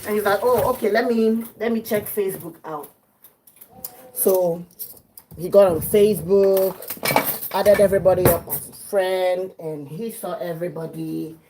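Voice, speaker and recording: A woman with a Nigerian accent, chatting as a livestream host in her home kitchen, telling a story with lively acted-out quotes. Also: on the low side, measured pace, background noise. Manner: lively, acts out quotes, mixes in pidgin.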